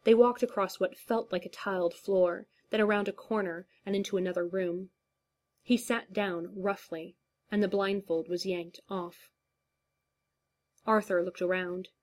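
A woman reading a fan fiction story aloud in a steady, measured narration. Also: mid-range voice. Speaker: story reader.

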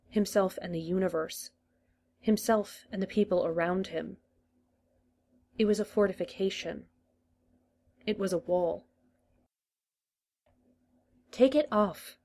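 A woman reads fan fiction aloud in a measured, storytelling manner. Her voice sits on the low side. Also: mellow, a little hiss or hum. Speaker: reader.

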